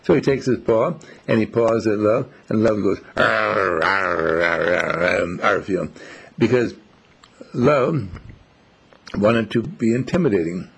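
Low, gravelly man musing slowly. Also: lively intonation, darkish tone. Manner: slow, musing, storytelling. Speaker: speaker. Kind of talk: casual reflective monologue.

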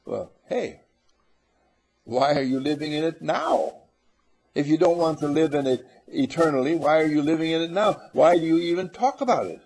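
A man with a gravelly, husky voice delivers a spiritual lecture to a live audience. His pitch swings widely as he acts out little scenes and teases his listeners into answering him. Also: animated, moderate pace, a little mellow. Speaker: motivational speaker.

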